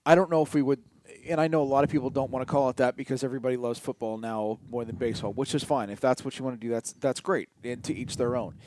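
A middle-aged man co-hosting a podcast, chatting casually about sports and telling stories with drawn-out, emphatic words. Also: mid-range voice, slight background noise. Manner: animated storyteller, stretches key words. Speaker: podcast co-host.

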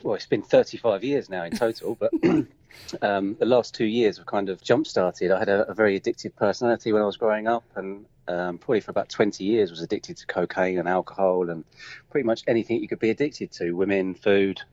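A man with a Kent accent talks quickly in a relaxed, rambling way, often pausing on "um". His voice sits a little low. The line is dry and a bit dull, like a remote call. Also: dry recording. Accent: Kent, England. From England. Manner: relaxed, rambling, with frequent ums. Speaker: guest. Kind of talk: casual interview chat.

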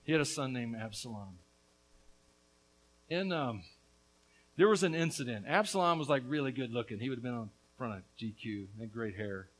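A man preaching a sermon as a pastor, earnest with casual asides, his voice swinging between hushed and loud. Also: mid-range voice, lively intonation, moderate pace, pauses often, poor audio.

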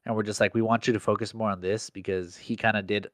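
A man's voice: lowish voice, flat delivery, fast, no echo, studio quality. A young man in casual chat, telling a work story in slangy speech full of "like". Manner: slangy storytelling, heavy use of "like".

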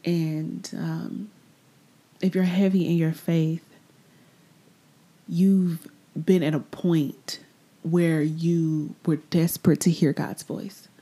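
Podcast host, woman with a warm, lowish voice; confessional, unhurried, drifts to near-whispers. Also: little pitch movement. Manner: candid, reflective, drifting into soft breathy asides; repeats phrases, trails off into pauses. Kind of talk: personal faith podcast monologue.

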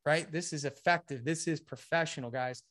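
Man, somewhat high voice, energetic webinar presenter, slightly winded, coaching style. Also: normal speed. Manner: energetic, repeats "okay" and "guys". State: a bit winded. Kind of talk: live webinar sales presentation.

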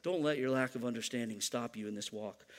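A man's voice: mid-range voice, brisk, big-room sound. A man preaching a sermon to his church, emphatic and repeating key lines, teasing the congregation now and then. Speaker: pastor.

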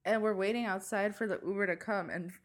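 Excitable young woman podcast host. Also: mid-range voice, a little fast. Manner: excited, swears freely, storytelling. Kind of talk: casual chat.

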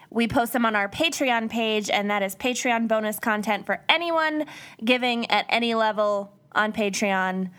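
A woman's voice: fairly high pitch, fairly bright tone. A woman co-hosting a casual podcast, chatty and giggly, full of "like". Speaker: podcast co-host. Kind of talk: casual chat.

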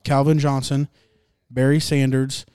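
A man's voice: mid-range voice, little pitch movement, unhurried, mellow, smooth, no room sound, studio quality. A young man hosting a laid-back sports podcast, rambling, joking and swearing as he reacts to games. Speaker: podcast host. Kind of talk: casual sports chat.

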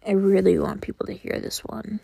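A young woman hosts a podcast, speaking frankly and earnestly in a casual monologue and frequently pausing on filler words. Her mid-range voice is creaky and slightly rough, with a dark tone.

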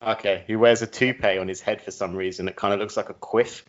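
Male co-host, slightly low voice, hesitant dry comic delivery, dull low-fi recording. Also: steady tone. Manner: halting, full of ums, dry asides. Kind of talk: casual comedic chat. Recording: dull lo-fi sound.

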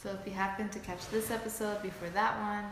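A woman's voice: mid-range voice, little pitch movement, fairly quick. A young woman co-hosting a podcast, mostly agreeing with her co-host in short replies and laughing along. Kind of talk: casual chat recapping a TV show. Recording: echoey room with faint background noise.

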